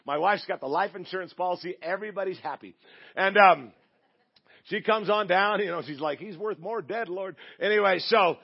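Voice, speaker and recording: A man's voice: sits high, lo-fi sound. A man preaching a sermon as pastor, telling a story in a chatty, joking way with acted-out voices. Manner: chatty, jokey, acts out quoted voices.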